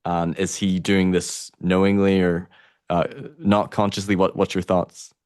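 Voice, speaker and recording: A man's voice: deep voice, level tone, unhurried, a little mellow, clear, resonant tone. A man hosting a casual interview podcast, asking long, hesitant questions with many fillers. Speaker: podcast host.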